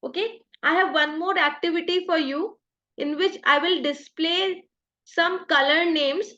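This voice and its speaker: High-voiced Indian woman leading an online workshop. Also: a little slow, bright, forceful tone, dull audio. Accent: Indian English. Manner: patient, explains step by step with examples. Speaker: workshop trainer. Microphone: video call.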